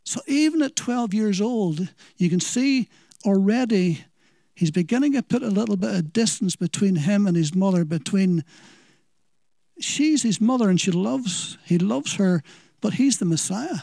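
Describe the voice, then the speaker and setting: A man's voice: sits high, animated, normal speed, vocal fry, a little mellow, dry recording, clean studio sound. A man with a Northern Irish accent preaching a sermon, telling it as an earnest story and asking the listeners questions.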